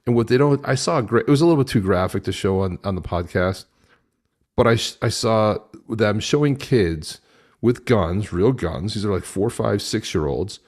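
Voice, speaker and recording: A man hosting a podcast in casual chat, talking in an animated, indignant way and often stumbling over his words. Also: on the low side, moderate pace. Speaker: podcast host.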